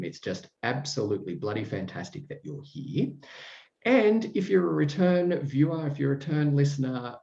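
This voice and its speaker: In a roomy, dull recording, a podcast host with a fairly low, slightly mellow voice chats casually with his guest. He comes across as effusive and rambling, with many fillers and restarts.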